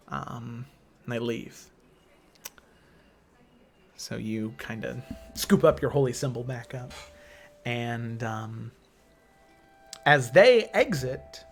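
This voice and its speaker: A man's voice: medium pitch, a bit bright. A man narrating as game master, describing scenes unhurriedly with many fillers.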